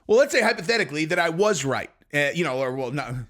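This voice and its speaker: A man with a notably high voice rants straight to his viewers about fight news. He is animated and profane and spins theories out loud in a loose, casual style. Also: fast. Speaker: MMA commentary channel host. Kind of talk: casual ranting commentary to camera.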